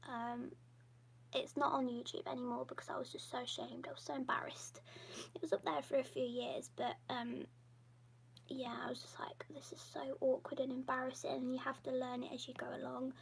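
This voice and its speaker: Soft-spoken woman, half-whispering. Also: sits high, flat delivery, moderate pace, gravelly, breathy edge, rough recording. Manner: drawing while she talks. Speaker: YouTuber and artist. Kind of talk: casual live-stream Q&A chat.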